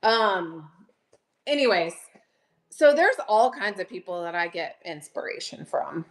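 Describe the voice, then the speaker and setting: A middle-aged woman hosting a chatty live selling stream, bubbly and greeting viewers by name with excited gasps. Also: on the low side, measured pace.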